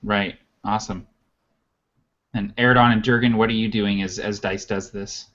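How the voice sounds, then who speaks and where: A man narrating as game master of a tabletop game in a relaxed storytelling way. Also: fairly low pitch, moderate pace. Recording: dull lo-fi audio.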